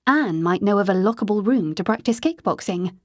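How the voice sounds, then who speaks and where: A woman reads an audiobook in a steady, measured way. Her voice sits at a middling pitch, and the recording is dry and close. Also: no room sound. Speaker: audiobook narrator. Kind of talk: scripted narration.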